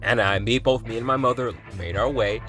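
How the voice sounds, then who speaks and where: A man's voice: mid-range voice, a little fast, fairly bright tone, faint music behind. A young adult man, a gaming YouTuber, telling a rambling story in a casual vlog with fillers and laughs.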